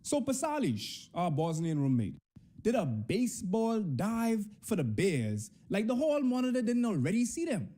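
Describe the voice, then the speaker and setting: Young Bahamian male storyteller, animated delivery, warm dark tone. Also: normal speed. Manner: animated, swings between high and low pitch. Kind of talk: comic personal storytelling.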